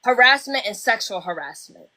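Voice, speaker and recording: A young woman with a slightly high voice tells a personal story on a livestream, speaking into a phone. She talks bluntly and swears freely. She acts out the lines of the other people in her story. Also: animated, moderate pace, bright, forceful tone, poor audio. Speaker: livestream host.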